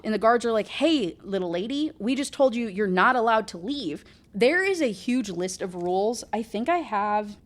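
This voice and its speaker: A woman recapping a novel in a casual, rambling chat with sarcastic asides, saying "like" a lot. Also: medium pitch. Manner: chatty, rambling, full of "like". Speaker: book reviewer.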